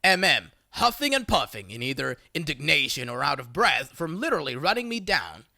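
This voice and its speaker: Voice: medium pitch, sing-song, brisk, creaky, pushed and bright, dry recording, clean studio sound. A text-to-speech voice reading online stories aloud, spelling out abbreviations letter by letter. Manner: synthetic, reads abbreviations letter by letter. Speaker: narrator.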